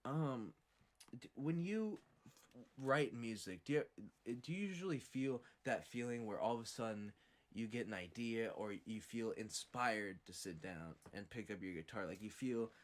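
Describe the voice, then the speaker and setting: A nervous young missionary , as a man mimics him, who probes in a lower, quieter voice. He stalls and restarts each question on a doorstep visit told as a story. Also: lightly acted. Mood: timid probing. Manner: hesitant, halting questions.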